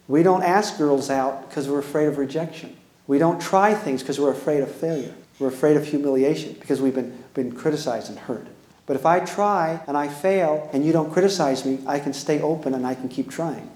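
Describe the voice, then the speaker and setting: A man's voice: a little high, brisk, darkish tone, echoey room, low-quality recording. A man giving an earnest talk to an audience, pleading with them and asking them direct questions. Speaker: speaker giving a parenting talk.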